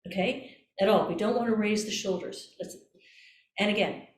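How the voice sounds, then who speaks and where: A woman's voice: mid-range voice, moderate pace, slight background noise. Woman voice coach in an echoey room. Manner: calm, coaxing, repeats cues. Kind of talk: guided breathing exercise instruction.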